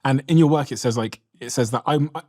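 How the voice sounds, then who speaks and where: A man's voice: medium pitch, dark tone, dry recording, clean studio sound. A man hosting a podcast interview, asking questions and thinking aloud. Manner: quick, self-questioning, restarts often. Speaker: podcast host.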